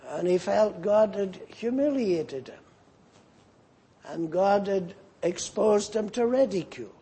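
Male preacher, high and slow, husky, mellow tone, dramatic sermon delivery. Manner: animated, dramatic voicing of scripture figures.

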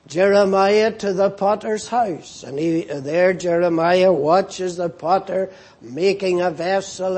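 A man preaching a sermon, expounding scripture in a slow, deliberate way and repeating phrases for emphasis. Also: sits high, darkish tone. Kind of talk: sermon, Bible exposition.

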